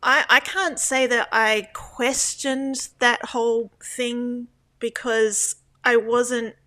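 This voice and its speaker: A woman's voice: on the high side, steady tone, slow, bright, forceful tone. A middle-aged woman, a former church elder, recalling her past in a reflective, hesitant way with many restarts. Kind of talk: interview.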